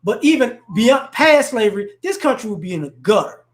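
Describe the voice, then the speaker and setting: This New Orleans man speaks briskly in an extremely high voice with big pitch swings. He shares opinions in loose, casual conversation full of restarts and "you know," his faint local accent mixed with Chicago and DC area speech.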